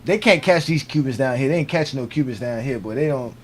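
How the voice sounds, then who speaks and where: A man's voice: medium pitch, fast, a little hiss or hum. A man from Miami hosting a live sports stream, talking in a loose, slangy, casual way. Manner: loose, animated, slangy sign-off talk. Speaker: host of a live sports show.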